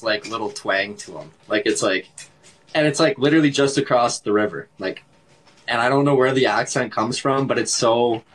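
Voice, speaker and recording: A man's voice: medium pitch, slight background noise, poor audio. A man with a Canadian accent chatting casually on a livestream, laid-back and laughing often, with lots of "like". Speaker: livestream host.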